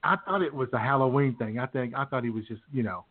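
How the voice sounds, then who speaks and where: A man's voice: mid-range voice, fast. Host guy telling a funny story, laughs a lot, sounds like a phone line. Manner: laughing through his anecdote, with restarts. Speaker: show host. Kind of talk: casual chat, storytelling. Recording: phone-quality audio.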